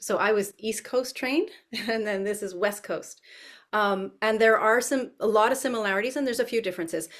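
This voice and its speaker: A woman dance educator answering interview questions, thinking aloud with frequent fillers and restarts. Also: medium pitch. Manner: thoughtful, many fillers and restarts.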